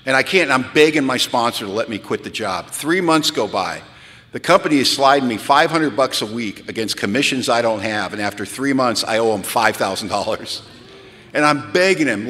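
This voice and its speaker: A man with a bright, forceful voice tells a funny, self-mocking story to a crowd. He is animated and rises high for the punchlines. His voice rings out with a long reverb, like a big hall. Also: normal speed. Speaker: speaker sharing recovery story. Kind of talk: storytelling talk to a live audience. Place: large hall at a retreat.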